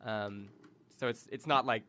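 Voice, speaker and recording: A man's voice: mid-range voice, fairly even intonation, a little slow, bright, forceful tone. A young man narrating a tabletop role-playing game as game master, casual and rambling with many fillers.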